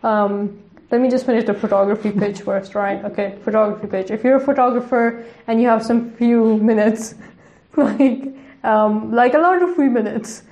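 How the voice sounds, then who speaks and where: A chatty woman co-hosts a casual podcast, giggling often and padding her sentences with fillers. Her voice sits a touch high, and the recording rings with a roomy echo. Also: normal speed, a little mellow. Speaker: podcast co-host.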